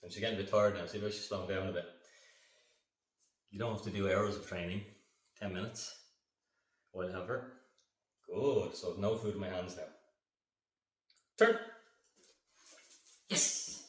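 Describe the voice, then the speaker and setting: A man training his dog on camera, calmly explaining each step and breaking off for short commands and upbeat praise to the dog. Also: deep voice, normal speed, pauses often, recorded from a distance. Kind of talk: hands-on training demonstration. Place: indoor training room. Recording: echoey room, voice off-mic.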